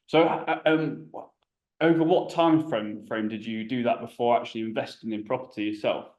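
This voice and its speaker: Halting male host in an echoey room. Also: mid-range voice, darkish tone, lo-fi sound. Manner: halting, repeats words while forming questions. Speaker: podcast host. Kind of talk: casual interview questions. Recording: roomy echo.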